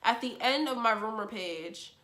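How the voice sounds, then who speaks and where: A young woman telling a storytime on her channel, animated and blunt, with slangy, quick comebacks. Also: a little high. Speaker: YouTuber. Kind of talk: storytime vlog.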